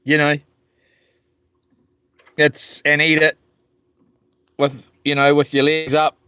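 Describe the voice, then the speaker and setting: A man's voice: fairly high pitch, flat delivery, takes it slowly, bright, forceful tone, clean tone, dry recording. A man with a New Zealand accent chatting casually on a live stream from a small boat outdoors, slangy and laid-back as he reads viewer comments aloud. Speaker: livestreaming fisherman.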